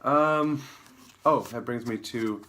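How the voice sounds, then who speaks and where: A man hosting his own comedy show alone on camera, rambling through news headlines with deadpan, self-mocking asides. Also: mid-range voice, slow pace, a little hiss or hum. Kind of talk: improvised comedic news rundown. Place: alone in a room, talking to camera.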